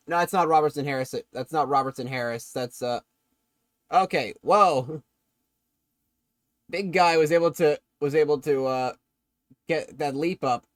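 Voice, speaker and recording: A man commentating his own football video game stream play-by-play, relaxed between plays and suddenly excited when something big happens. His voice sits a little high for a man and keeps correcting itself as he talks. The sound is dry and close, with no room around it. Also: measured pace, long pauses, no echo.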